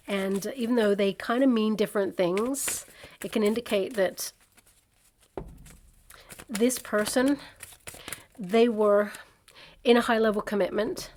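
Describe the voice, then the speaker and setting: A woman's voice: mid-range voice, a little mellow. Chatty woman giving a tarot reading. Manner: chatty, reassuring, thinks aloud with many fillers. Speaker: tarot reader. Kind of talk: casual tarot reading to camera.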